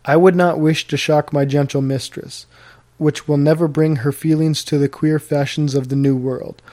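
A man's voice: a little high, level tone, moderate pace, a little mellow, lightly acted. A man voicing a deferential, awkward colonial manservant with a polite, hesitant manner of speech. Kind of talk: audiobook character reading.

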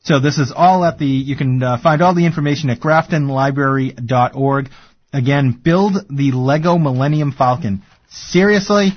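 A man's voice: medium pitch, moderate pace, no echo. A man with a Boston accent hosting a radio show, chatty and rambling with plenty of fillers and laughs. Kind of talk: casual radio chat. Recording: dull lo-fi radio broadcast.

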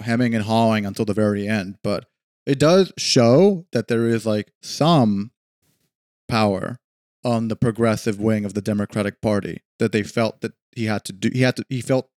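Man podcast co-host, exasperated, halting, restarts a lot, dry close sound. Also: lowish voice, a little mellow, no room sound. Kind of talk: casual political chat.

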